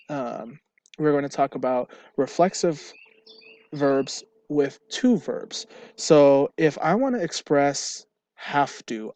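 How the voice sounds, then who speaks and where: A man's voice: mid-range voice, a little mellow, no echo. A man teaching a Spanish grammar lesson, explaining step by step and checking in with "right?". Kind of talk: recorded online lesson.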